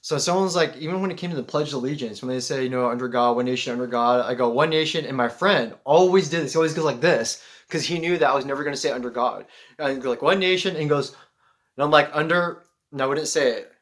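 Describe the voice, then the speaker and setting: Excitable man with a high voice. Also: very fast. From Seattle, USA. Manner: animated, excitable, swearing, frequent "like". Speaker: vlogger. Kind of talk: rambling spiritual storytelling.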